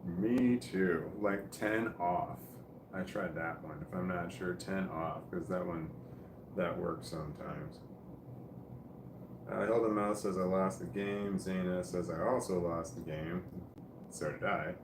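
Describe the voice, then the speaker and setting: A Midwestern man with a Midwestern accent, high and tired, reading chat messages aloud on a casual livestream, mumbling and breaking into laughter. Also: slow, roomy sound, noisy background. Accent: American Midwestern. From American Midwest.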